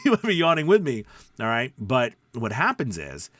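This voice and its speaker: A man teaching voice-over in a casual video lesson, speaking close to the microphone and showing how his voice drops deep and quiet. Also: wildly swooping pitch, moderate pace, dry recording. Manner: demonstrates pitch, drops deep and quiet then rises. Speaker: voice-over coach. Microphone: close studio mic.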